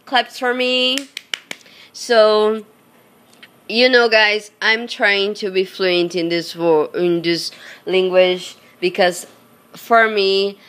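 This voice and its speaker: Woman, Brazilian Portuguese accent, hoarse throat, slow unhurried talk, pauses to find English words, casual vlog chat. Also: medium pitch, a bit bright. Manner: halting, searching for English words. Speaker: vlogger.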